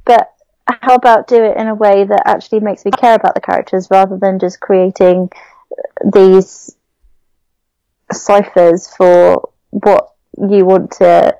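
A young Englishwoman talks casually about a novel, frank and critical in her opinions. Her voice is mellow and warm. The sound is close and dry. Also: medium pitch, little pitch movement, unhurried, vocal fry, no echo, dull audio. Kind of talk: casual book discussion.

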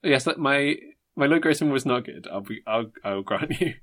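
A man's voice: medium pitch, expressive, moderate pace, fairly bright tone. A man in his thirties co-hosting a podcast, chatting casually and playfully, often laughing. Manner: giggly, playful. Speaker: podcast co-host. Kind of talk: casual chat.

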